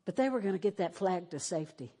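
A woman's voice: on the low side, expressive, fast talker, mellow, husky. Woman pastor, televised church sermon, fervent then tearful delivery. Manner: emotional, shifts between fervent and tearful. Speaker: preacher.

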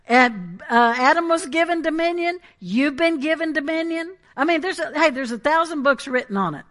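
A woman preaching a sermon in an animated, emphatic way, with asides and laughs. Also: high-pitched, moderate pace.

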